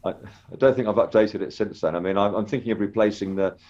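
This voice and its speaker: Older male guest, low pitch, dull lo-fi audio, halting storyteller. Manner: rambling, hesitant, many ums and restarts. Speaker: interview guest, former children's TV actor. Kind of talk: casual storytelling interview.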